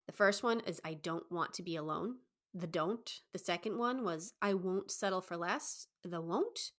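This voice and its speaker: A young woman, a dating coach, giving advice on her podcast in a fast, excited, enthusiastic way. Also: lowish voice. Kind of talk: solo podcast advice talk.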